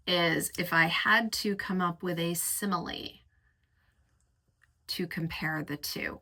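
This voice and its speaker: A woman with a low-set but bright, forceful voice reviews perfumes in an unhurried, chatty way. She lingers over each word and gushes about the scents with vivid, sensual imagery, taking her time to let each phrase land. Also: fairly even intonation. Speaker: fragrance reviewer. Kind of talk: casual reviewing chat.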